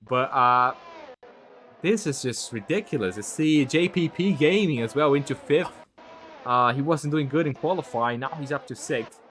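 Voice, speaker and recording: A man's voice: mid-range voice, a little hiss or hum. A man doing play-by-play commentary on an online racing league, getting worked up when the field crashes. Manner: excitable, voice climbs when cars crash. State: losing his voice. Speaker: lead commentator.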